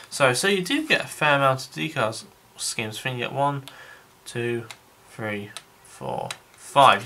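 A man's voice: medium pitch, sharp tone, slight background noise. A man giving a casual, rambling review of a model kit, thinking aloud with frequent restarts and calling his viewers guys.

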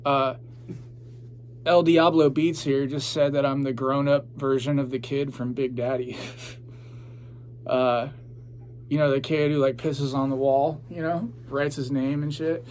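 A man's voice: medium pitch, flat delivery, a little slow, a little mellow, slight background noise. A young man chatting casually as a podcast host, rambling with lots of fillers and swearing freely. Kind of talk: casual chat.

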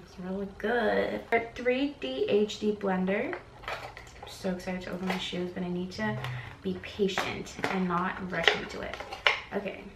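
A young woman in a casual unboxing vlog, chatty and gushing, full of "like" and "oh my god". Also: medium pitch. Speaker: beauty vlogger. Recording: roomy echo from a distance, with noise behind.

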